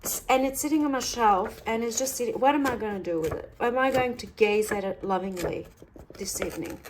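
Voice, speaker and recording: A woman's voice: on the high side, brisk, a little hiss or hum. Chatty Australian woman crafting. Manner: rambling and self-deprecating, talks while working. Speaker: craft vlogger.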